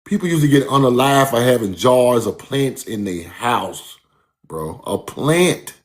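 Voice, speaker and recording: A man's voice: mid-range voice, lively intonation, unhurried. A man giving a casual, emphatic street-style lecture, repeating his points and calling the listener bro. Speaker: speaker giving a talk.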